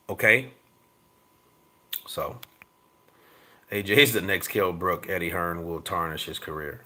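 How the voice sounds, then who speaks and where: A man hosts a casual boxing show and reads his viewers' comments aloud. He swears freely and swings from loud outbursts to low mutters. His fairly low voice sounds bright, pushed and forceful. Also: a little slow, pauses often. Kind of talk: casual live-chat commentary.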